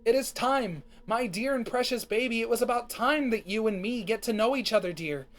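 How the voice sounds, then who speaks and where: A man's voice: very high-pitched, brisk, voice pushed up. A man voicing an eerie, doting female pony speaking to her unborn baby. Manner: creepily tender. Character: eerie doting mother pony giving birth.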